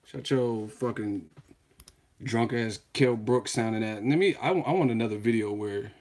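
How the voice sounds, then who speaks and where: Brash, profane livestream host. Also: male voice, medium pitch, normal speed, darkish tone. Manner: brash, profane trash-talking. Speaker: boxing channel host. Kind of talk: livestream reaction commentary.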